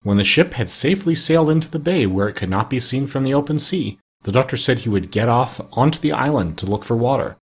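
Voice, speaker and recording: Husky male narrator, mid-range pitch, expressive steady read-aloud for a storybook. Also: quick pace, few pauses.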